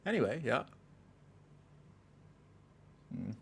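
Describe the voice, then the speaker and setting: While streaming a game, a man chats in a loose, rambling way, mocking himself, laughing often and frequently starting over. His voice is medium-pitched, creaky and a little rough.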